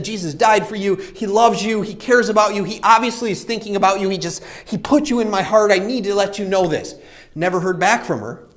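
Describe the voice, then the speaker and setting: A man's voice: high-pitched, a bit bright. A man preaching a sermon, telling a personal story with earnest repetition and frequent rhetorical questions.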